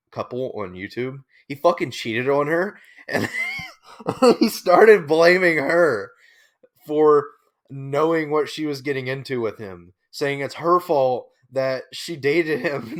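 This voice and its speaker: A young man hosting a reaction video, ranting in casual, profane commentary. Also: medium pitch.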